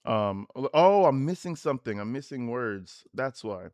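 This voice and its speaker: A man's voice: mid-range voice, animated, normal speed, darkish tone, no echo. Guy doing a crude sarcastic reaction, dry close sound, mid voice, keeps laughing at stuff. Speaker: online commentator. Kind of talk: reaction commentary reading texts aloud.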